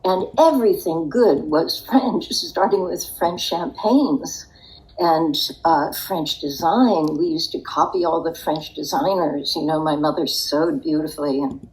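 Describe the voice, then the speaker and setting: Older woman, interview guest, lowish voice, reflective and wry storytelling. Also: unhurried, darkish tone, low-quality recording.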